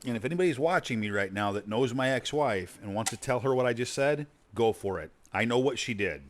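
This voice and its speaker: A man's voice: medium pitch, lively intonation, brisk. A man in his forties streaming a game, talking bluntly and profanely in a rambling casual chat. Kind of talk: casual chat while gaming.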